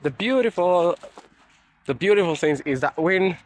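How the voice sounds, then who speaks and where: A young man from Morocco chatting casually while walking through a forest on a rainy day, halting and searching for words in English. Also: high voice, animated, no room sound. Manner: soft, unhurried talk while walking. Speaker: nature vlogger. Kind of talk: casual walking vlog chat.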